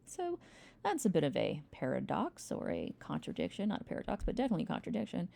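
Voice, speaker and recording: Wry, rambling woman teacher, low gravelly voice. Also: huge pitch swings, fast talker, mellow. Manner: rambling, wry asides, frequent ums. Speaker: history teacher. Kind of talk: recorded classroom lecture. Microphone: home recording, textbook open nearby.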